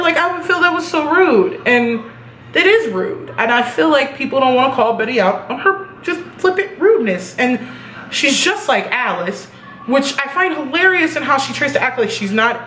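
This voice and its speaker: A young woman casually reviewing a TV episode, animated and profane, laughing at her own reactions. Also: sits high, normal speed. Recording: echoey room with faint noise.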